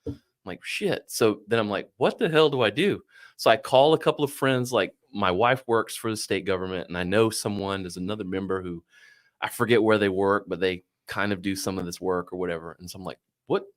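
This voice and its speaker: A middle-aged man telling a long story casually, animated, swearing and acting out what others said. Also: deep voice, brisk. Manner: animated, swearing, acts out quoted voices. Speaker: podcast guest.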